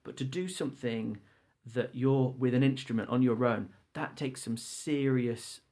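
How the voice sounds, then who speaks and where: A man hosts a casual podcast and asks his guest questions in an easygoing, encouraging way. His voice sits at an ordinary pitch for a man. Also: normal speed, mellow. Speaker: podcast host.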